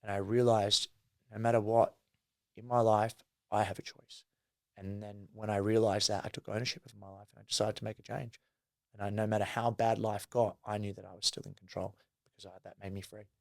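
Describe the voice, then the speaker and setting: Earnest man, low flat voice. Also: brisk, creaky, no echo. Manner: earnest, swears freely, many fillers. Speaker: guest, mindset coach. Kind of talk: candid storytelling interview.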